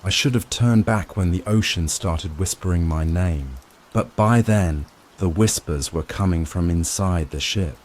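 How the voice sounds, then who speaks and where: A man narrating a first-person horror story in a slow, hushed storytelling manner. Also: sits low. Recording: faint rain sound behind voice. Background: rain.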